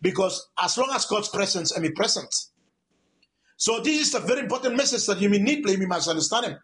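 A man's voice: high-pitched, animated, brisk, fairly bright tone, a little hiss or hum. A man from Vanuatu with a Vanuatu accent preaching a radio sermon, emphatic and repetitive, stacking up his phrases.

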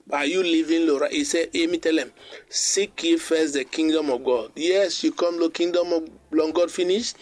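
A man preaches a morning sermon. His voice sits a bit high for a man. He mixes creole with English and slows down to read Bible verses. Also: dry recording. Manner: preaches in a creole-mixed English, quoting scripture slowly.

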